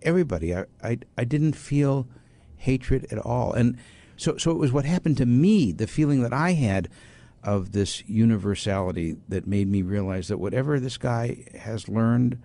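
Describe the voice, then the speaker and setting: This older doctor and author has a gravelly, medium-pitched voice and keeps a moderate pace as he tells stories in an interview. He animates quoted speech by performing the voices and frequently breaks off to begin sentences again.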